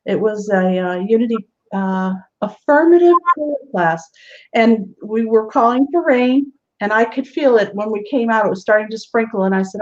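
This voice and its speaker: A woman's voice: fairly high pitch, lively intonation, normal speed, a little mellow. A woman hosting a live online show, chatting casually and laughing often. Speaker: host. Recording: dull lo-fi web stream audio.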